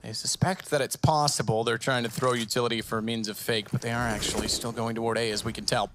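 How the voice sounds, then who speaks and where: A man calling an esports match, quick and excitable, often correcting himself mid-sentence. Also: mid-range voice, background noise. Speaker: esports caster. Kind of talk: play-by-play commentary.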